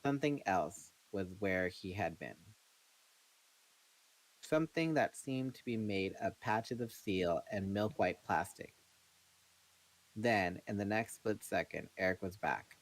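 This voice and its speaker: Low-voiced man reading a novel aloud. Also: animated, slow pace, long pauses, low-quality recording. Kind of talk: reading a book aloud, then casual chat.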